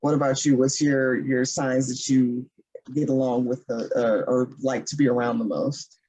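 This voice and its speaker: A woman co-hosting a podcast, chatting candidly about her relationships with a relaxed, laughing manner. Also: extremely low pitch, moderate pace, breathy edge, rough recording. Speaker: podcast co-host. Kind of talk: casual chat.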